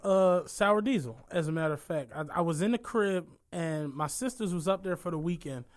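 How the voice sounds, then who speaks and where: A man's voice: sits high, normal speed. A young man, telling a story on a casual podcast, swearing and laughing as he goes. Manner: animated, swearing, laughs through his stories. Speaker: podcast co-host.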